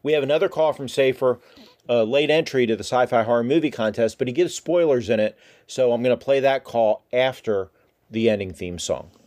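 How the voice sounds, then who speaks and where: A man's voice: medium pitch, brisk, a little mellow. A man hosting a podcast, talking casually and rambling a little, with frequent restarts. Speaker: podcast host.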